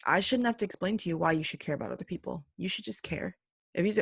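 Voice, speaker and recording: A young adult woman hosting a solo podcast, talking earnestly and emphatically, now and then mimicking other people in quick put-on voices. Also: lowish voice, expressive, gravelly, breathy edge, no echo, clean studio sound. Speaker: podcast host. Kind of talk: opinionated solo commentary.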